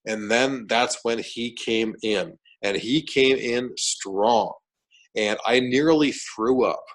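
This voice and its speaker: A man telling a story as an interview guest, animated and full of restarts and repeated words. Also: mid-range voice, slow pace, rough recording. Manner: animated, repeats words and restarts sentences while retelling events.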